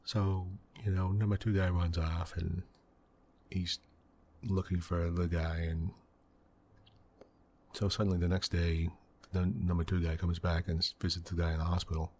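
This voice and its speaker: Man, very low voice, soft-spoken ASMR game commentary, meandering storyteller, faint hiss behind. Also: flat delivery, normal speed, pauses often. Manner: rambling storyteller, many "you know" fillers; quiet, hushed delivery. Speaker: gaming channel host.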